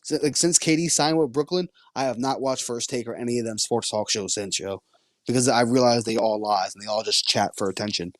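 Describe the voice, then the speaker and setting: A man's voice: medium pitch, a little fast, no room sound. A man co-hosting a late-night fan podcast, rambling in casual slang and stuttering as he talks. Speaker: podcast co-host.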